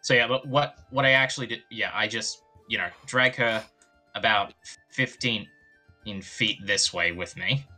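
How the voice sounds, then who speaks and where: A man with a bright, ringing voice plays a tabletop role-playing game, talking loosely as he works out his turn. Faint music hums underneath him. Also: lowish voice, measured pace. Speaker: player.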